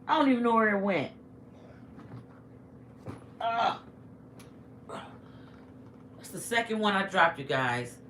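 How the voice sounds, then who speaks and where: Woman, middle-aged, bright voice, casual livestream chat, echoey room, faint hiss. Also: medium pitch, sing-song, takes it slowly, long pauses. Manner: chatty, talks to chat while eating. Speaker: livestream vlogger. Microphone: phone.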